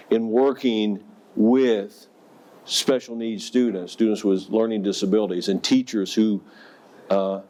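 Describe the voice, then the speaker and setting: A man who was a school principal, giving a professional development talk to educators and telling stories with audience questions. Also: mid-range voice. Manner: storytelling, animated, asks the audience questions.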